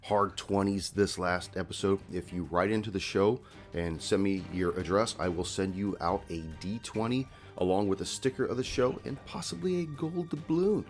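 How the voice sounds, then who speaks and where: A congested man hosting a tabletop game podcast as game master, talking in a relaxed, rambling way with plenty of fillers. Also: sits low, moderate pace, faint music behind. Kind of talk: podcast intro and casual chat.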